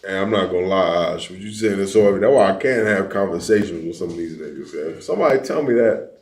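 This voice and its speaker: A man leading an online class, preaching emphatically and building to loud, animated peaks. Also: low-pitched, quick pace. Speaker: class teacher. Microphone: online class setup.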